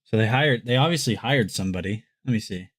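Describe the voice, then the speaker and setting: A man's voice: lowish voice, expressive, fast, fairly bright tone. A young adult man hosting a live shopping stream, chatting casually and rambling with lots of restarts. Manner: laughs often and rambles with restarts. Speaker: livestream shopping host.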